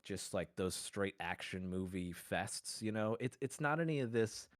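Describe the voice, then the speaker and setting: Playful low-voiced man arguing mock-formally. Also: expressive, normal speed, no echo, studio quality. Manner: playful, rambling, mock-formal, laughs often. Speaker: podcast co-host. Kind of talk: casual mock-courtroom argument.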